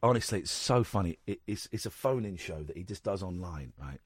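Deep husky-voiced male radio host. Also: lively intonation, brisk, dry recording. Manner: reads stories with sarcastic asides. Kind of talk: casual radio chat, reading news aloud. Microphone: studio microphone.

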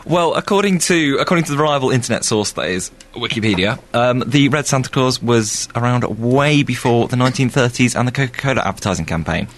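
Young male work-experience lad, flat matter-of-fact delivery. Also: mid-range voice, fast talker. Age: young adult.

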